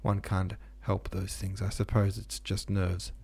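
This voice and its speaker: A man voicing a reserved young man who answers curtly and coldly, in a low gravelly voice. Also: level tone, measured pace, mellow, full character voice. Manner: curt, restrained.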